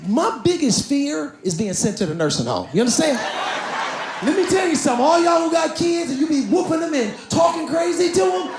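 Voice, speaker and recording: A man doing stand-up comedy, telling family stories in an animated way and acting out the people in them. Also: very high voice, a little fast, noisy background. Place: comedy club stage with a laughing audience. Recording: roomy live venue, loud crowd laughter.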